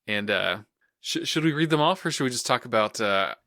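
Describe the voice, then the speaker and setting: Man, podcast co-host, casual recap, laid-back, chuckling, bright tone, dry close mic. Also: medium pitch, expressive, brisk, no echo. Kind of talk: casual anime recap chat.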